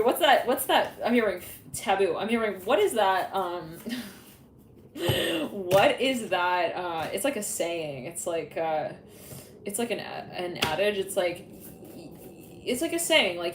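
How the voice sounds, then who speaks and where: A woman's voice: mid-range voice, reverberant, slight background noise. A woman giving a casual tarot reading, rambling and laughing often as she acts out imagined conversations. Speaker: tarot reader.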